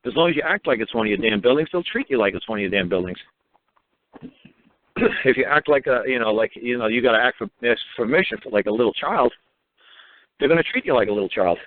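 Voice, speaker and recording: A man telling stories in a casual monologue, animated and swearing freely as he acts out the people in them. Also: mid-range voice, brisk, long pauses, dry recording. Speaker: talk show guest speaker. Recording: tinny phone line.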